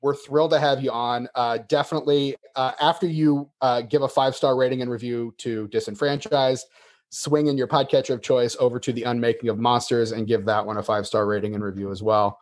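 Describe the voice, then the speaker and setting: A man's voice: mid-range voice, steady tone, a little fast, darkish tone. A man hosting a casual podcast, chatty and friendly with his guest. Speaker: podcast host.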